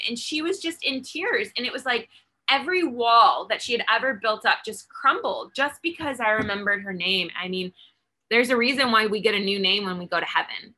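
A woman's voice: on the high side, animated, normal speed, sharp tone. A woman speaking earnestly as a guest in a faith interview, telling stories of her outreach work and acting out her own lines. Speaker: founder of an outreach ministry, guest. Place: Texas.

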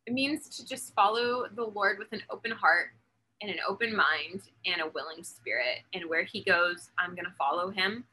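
A woman's voice: mid-range voice, normal speed, bright, forceful tone, husky. A woman speaking earnestly as a guest in a faith interview, telling stories of her outreach work and acting out her own lines. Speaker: founder of an outreach ministry, guest. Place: Texas.

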